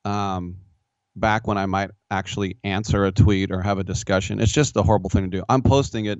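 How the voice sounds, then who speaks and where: A man with a low, steady voice hosts casual sports talk radio, spinning rambling stories that poke fun at himself. He talks fairly fast, and the studio sound is dull and dry with no room echo.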